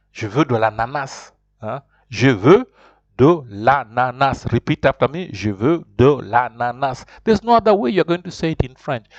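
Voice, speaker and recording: A man teaching a language lesson, leading repeat-after-me drills. He talks emphatically and repeats himself, often checking in with a quick "huh?". The recording is dry and a little muffled. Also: a little high, no room sound. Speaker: French teacher.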